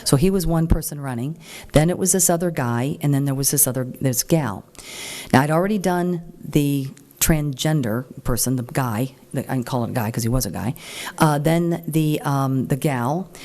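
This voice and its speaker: At a political group meeting, a middle-aged woman gives an informal storytelling talk to the audience. Her manner is chatty, animated, frank and plain-spoken, and her voice jumps up high whenever she acts out quoted voices.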